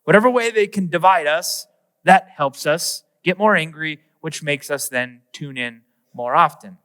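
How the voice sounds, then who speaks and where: Male pastor, humorous animated sermon, bright voice, long hall reverb. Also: on the high side, a little slow, clear, resonant tone. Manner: humorous, animated, acts out little scenes.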